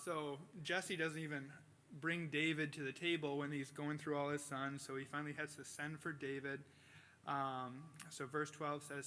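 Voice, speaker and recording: A male pastor giving a casual sermon, reading scripture and telling stories with animated impressions. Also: fairly high pitch, a little hiss or hum. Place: church sanctuary.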